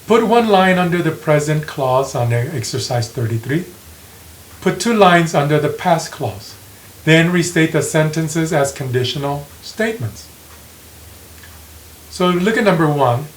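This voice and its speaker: A man teaching an English grammar lesson, reading example sentences slowly and repeating them with care. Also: a little high, expressive. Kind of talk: slow classroom grammar lesson. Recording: echoey room with faint hiss.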